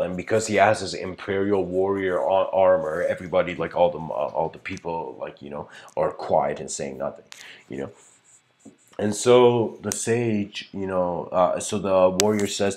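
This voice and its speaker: A man's voice: sits low, steady tone, normal speed, darkish tone, slight background noise. A man giving a livestreamed philosophical lecture in an earnest, rambling way, full of fillers and searching for words. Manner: rambling, filled with "you know" and "like".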